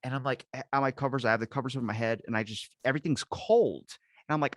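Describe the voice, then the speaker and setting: A man at a middle pitch, chatting casually on a podcast. He tells his story in a rambling, profane way, full of restarts and curses. The sound is dry and close, with no room echo. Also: brisk. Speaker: podcast host. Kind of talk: casual chat. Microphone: video call.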